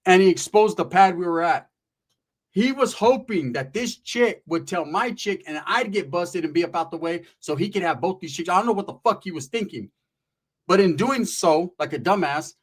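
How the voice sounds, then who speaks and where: Profane slangy storyteller man, slightly high. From Northern California. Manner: profane, slang-heavy, sprinkles Spanish slang; animated, acts out the people in his story. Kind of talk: casual street storytelling.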